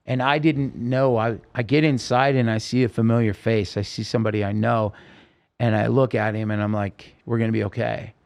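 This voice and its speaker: A man recounts a harrowing night in an interview, speaking at a middle pitch. He tells it urgently and vividly, voicing what people shouted and stumbling over restarts as he pushes through. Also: steady tone, normal speed. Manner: vivid, urgent retelling with quoted speech and restarts. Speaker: podcast host telling his story as a guest. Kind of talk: interview storytelling.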